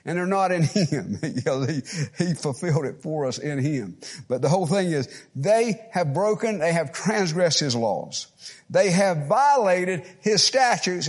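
A man's voice: on the high side, animated, a little slow. A man preaching a fervent sermon, chuckling often and repeating phrases with rising fervor.

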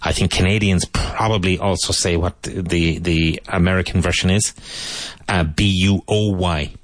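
A man with an Irish English accent, teaching English pronunciation to Spanish speakers through slow, repeated drill sentences. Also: low-pitched, steady tone, dry recording. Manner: slow, deliberate repetition of model sentences.

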